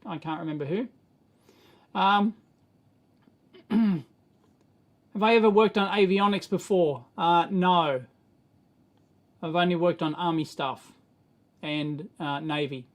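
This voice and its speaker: A man's voice: sits high, takes it slowly, long pauses. Aussie guy rambling on a live stream, middle-aged, chuckles a lot, cuts himself off mid sentence. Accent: Australian. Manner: rambling, exasperated, chuckling, self-interrupting. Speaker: electronics livestream host. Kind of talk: casual livestream chat, answering chat.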